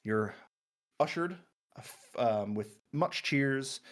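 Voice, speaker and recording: A man narrating a tabletop game as game master, relaxed and laughing, with many fillers. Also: mid-range voice, slow.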